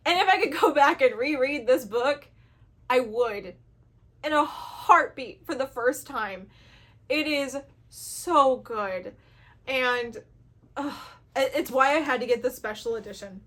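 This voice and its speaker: A woman's voice: high voice, lively intonation, a little slow, pauses often, fairly bright tone. A woman chatting casually to camera about books she loves, gushing and acting out her own reactions. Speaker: book reviewer.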